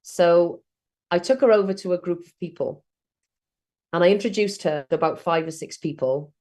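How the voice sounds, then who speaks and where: Woman, middle-aged, chatty storyteller, slightly low voice. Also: moderate pace, a little mellow. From South Wales. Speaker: networking trainer. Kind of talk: online training session.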